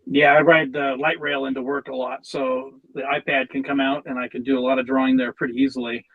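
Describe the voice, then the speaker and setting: A man speaking as a guest artist on a casual podcast, telling jokes and talking about his work in a relaxed way with some stumbles and restarts. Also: medium pitch, a little fast, creaky, narrow, tinny audio.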